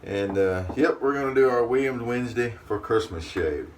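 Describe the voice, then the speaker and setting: Animated and at a moderate pace, a man with a mid-range voice hosts his shaving channel from the bathroom, chatting to the camera in a relaxed, folksy way. He speaks of himself in the third person, recorded on a far-off mic with slight room noise.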